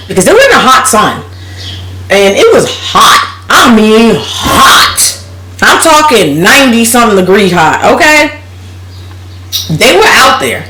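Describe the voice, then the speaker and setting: A woman vlogger tells a story straight to camera, blunt and salty, laughing between her lines. Her voice sits in a middle pitch, and an echoey room rings around it. A faint hum of background noise runs underneath. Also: big pitch swings, measured pace, bright, forceful tone. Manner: blunt, profane, laughs while telling.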